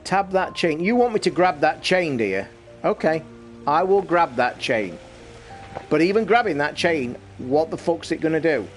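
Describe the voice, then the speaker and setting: A middle-aged man, livestreaming a game while ranting and shouting over a football match. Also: fairly high pitch, moderate pace, soft background music. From England. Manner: excitable and sweary, shouting at football. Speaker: gaming streamer. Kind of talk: live stream commentary while gaming and watching football.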